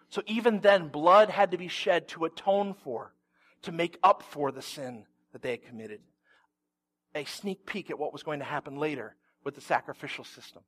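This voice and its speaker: A high, light-voiced man preaches in a relaxed, conversational way. He tells the story with animation and drops in humorous asides as he goes. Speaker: pastor. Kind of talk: conversational sermon.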